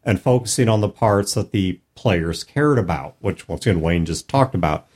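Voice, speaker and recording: A man's voice: low voice, lively intonation, moderate pace, darkish tone. A man co-hosting a podcast, thoughtfully explaining the story elements of a game. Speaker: podcast co-host. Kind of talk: casual podcast chat.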